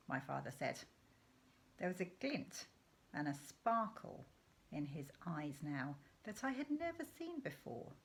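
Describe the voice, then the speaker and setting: A woman's voice: low voice, big pitch swings, a little slow. A woman reading a children's novel aloud, telling it expressively and voicing each character herself. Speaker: audiobook reader.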